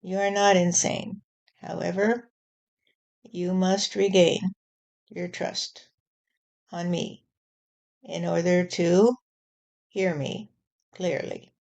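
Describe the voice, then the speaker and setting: Stern God figure, channeled by a woman: low, dark voice, unhurried and measured. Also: flat delivery, creaky, lo-fi sound. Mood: solemn. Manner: slow, measured, repeating "you see". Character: God, a stern male deity warning humanity. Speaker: spirit channeler. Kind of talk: channeled spirit message.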